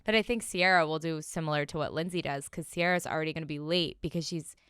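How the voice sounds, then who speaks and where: A woman's voice: deep voice, fast talker, fairly bright tone, clear, resonant tone, no echo, studio quality. A woman co-hosting a podcast, chatting casually and easily going along with the host. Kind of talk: casual chat.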